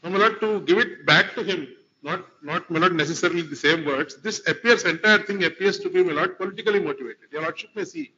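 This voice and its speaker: Lawyer guy arguing in court, high bright voice, kinda muffled lo-fi recording. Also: fast talker, a little hiss or hum. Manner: formal, deferential, repeats "my lord" often. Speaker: advocate arguing before a court. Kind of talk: formal courtroom argument.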